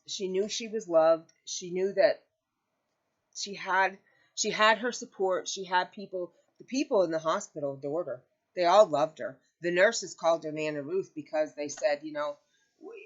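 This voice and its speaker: Lady vlogging from home, kinda low voice, rambly and teary, muffled lo-fi sound. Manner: tearful, rambling, heartfelt. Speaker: crochet vlogger. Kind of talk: casual chat to camera. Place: home, with pets nearby. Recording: dull lo-fi home video audio.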